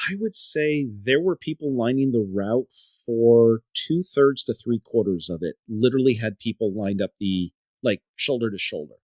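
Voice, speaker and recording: A man's voice: medium pitch, darkish tone, no room sound. Rambling male podcast host, dry sound. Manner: rambling storyteller, repeats and restarts words. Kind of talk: casual chat.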